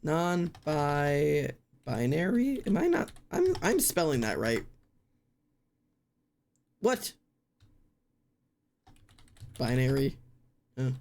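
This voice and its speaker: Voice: mid-range voice, sing-song, drawn-out words, vocal fry, long pauses, a little mellow. A streamer casually thinking aloud during a live word-guessing game, spelling words out letter by letter and poking fun at themself.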